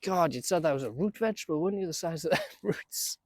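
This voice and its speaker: A man's voice: on the high side, lively intonation, fast talker. Chatty man gardening outdoors. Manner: chatty, talks to himself, laughs often. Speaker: allotment gardener vlogger. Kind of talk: casual running commentary while working.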